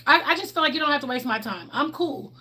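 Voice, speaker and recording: Fast, animated and high-pitched, her voice sounds pushed and bright. She is a young livestream host with a Southern US accent, from Ohio and raised in the South, chatting casually in an outspoken, sassy, bubbly manner.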